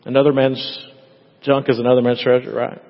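A man's voice: mid-range voice, flat delivery, a little fast. A male pastor preaching a sermon in a church, talking conversationally and acting out prayers in quoted voices. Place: church sanctuary. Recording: echoey hall, dull lo-fi sound.

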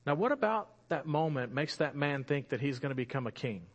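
Man preaching an animated sermon. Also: medium pitch, a little fast, few pauses.

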